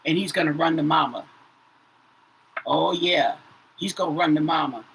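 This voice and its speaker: A woman's voice: deep voice, moderate pace, a little hiss or hum, rough recording. Chatty woman reading tarot cards. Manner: says "okay?" after nearly every phrase, repeats herself. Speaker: tarot reader. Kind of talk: casual tarot reading to viewers.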